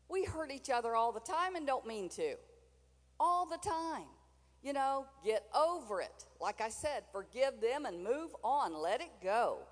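A woman's voice: a little high, big-room sound. An older woman preaching a sermon in a chatty, folksy way, with asides to the congregation.

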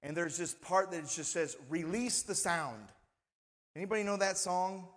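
A man's voice: high voice, brisk, in a large hall. A male pastor preaching a sermon in a conversational manner, often asking the congregation for responses. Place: church sanctuary.

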